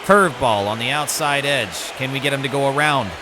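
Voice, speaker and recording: A man's voice: medium pitch, a little fast, noisy background. A man commentating his own video game baseball season, switching between broadcaster-style calls and muttered asides. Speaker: gaming YouTuber.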